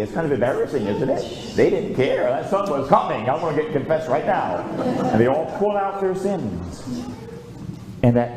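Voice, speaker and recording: A priest giving a homily, telling a story with lively, conversational preaching and calling out for amens, in a church. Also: male voice, on the high side, background noise. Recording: echoey church.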